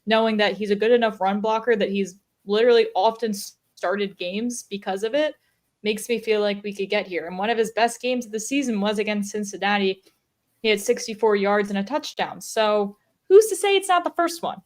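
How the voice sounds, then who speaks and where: A woman's voice: medium pitch, brisk. A woman on a sports betting panel, explaining her pick in a chatty, confident way. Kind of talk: sports betting live stream chat.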